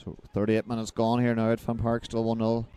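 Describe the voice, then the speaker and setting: A man giving live play-by-play football commentary, brisk and lifting his voice as the action builds. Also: mid-range voice, monotone, mellow, clean tone.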